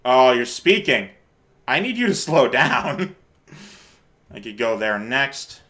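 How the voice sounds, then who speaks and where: A man hosting a let's play, chatting casually and reading the game's text aloud in a playful, quick-laughing way with the odd mild swear. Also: medium pitch, big pitch swings, fairly bright tone.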